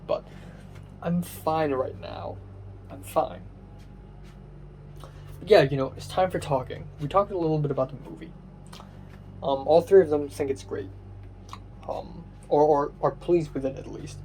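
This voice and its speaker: A man's voice: a little high, warm tone, a little hiss or hum. A young man rambling through a casual personal vlog monologue, self-mocking, with many fillers and restarts. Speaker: vlogger.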